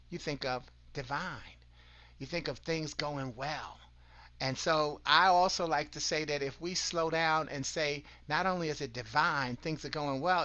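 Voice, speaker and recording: A man's voice: fairly high pitch, sharp tone, no room sound, highs cut off. A man hosting an online broadcast, giving an earnest motivational talk that draws on scripture, often repeating and restarting words and asking listeners questions.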